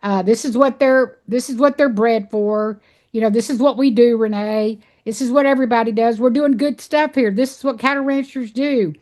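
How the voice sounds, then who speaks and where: A woman's voice: on the high side, normal speed, a little mellow, close to an everyday voice. A woman quoting her insistent rancher husband. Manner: insistent, reassuring. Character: pushy male rancher husband, brushing off concerns.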